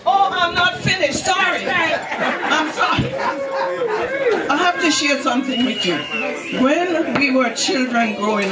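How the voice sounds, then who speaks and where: A woman's voice: sits high, expressive, measured pace. A woman in her eighties with a Jamaican accent, giving an affectionate birthday speech and laughing through her words. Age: 80s. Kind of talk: heartfelt party speech. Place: large echoey banquet hall. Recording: echoey hall, far mic, crowd noise.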